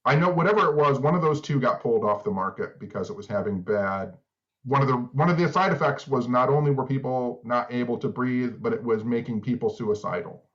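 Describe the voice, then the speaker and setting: Brisk and fairly bright, this middle-aged man's mid-range voice wanders through stories as he co-hosts a casual podcast chat. He leans heavily on fillers like "like," and the lo-fi recording sounds a touch dull.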